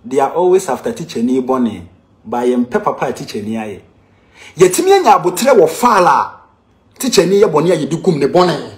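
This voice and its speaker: Animated Ghanaian man, impassioned. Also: a little high, a little fast. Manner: emphatic, with repeated rhetorical questions. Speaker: teacher. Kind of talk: impassioned complaint to camera.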